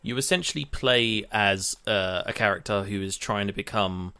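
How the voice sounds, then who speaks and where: A man's voice: fairly low pitch, moderate pace, bright, forceful tone, smooth. A man co-hosting a podcast, chatting casually and animatedly, swearing now and then. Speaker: podcast co-host. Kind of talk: casual chat.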